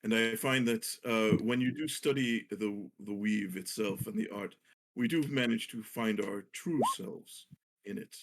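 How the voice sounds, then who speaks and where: A man voicing a courteous, curious older male wizard who speaks in formal, halting phrases. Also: lowish voice, slight background noise, close to an everyday voice. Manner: polite, formal phrasing with hesitations.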